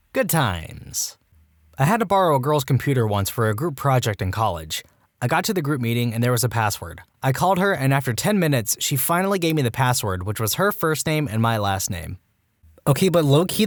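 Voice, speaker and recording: A man's voice: medium pitch, dry recording. Guy narrating reddit stories, mid voice, dry close sound, jumps in with wry comments. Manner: animated, jumps into quoted voices with wry asides. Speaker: storytime narrator. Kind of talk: reading reddit stories aloud.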